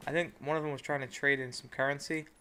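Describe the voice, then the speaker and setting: Flat-voiced young man ranting casually. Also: fairly high pitch, fast talker, a little hiss or hum. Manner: profane, rambling, frequent fillers. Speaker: vlogger. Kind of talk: casual storytelling rant.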